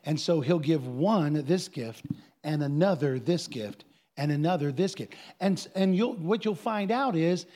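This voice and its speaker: A man's voice: fairly high pitch, animated, a little slow, dark tone. A man, a pastor preaching a sermon and answering questions from his congregation, telling stories with quoted voices and bursts of singing.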